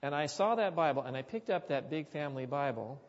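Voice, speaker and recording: A man preaching a sermon, telling a personal story in an earnest, reflective way with pauses and restarts. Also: a little high, animated. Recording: dull lo-fi sound in a reverberant hall.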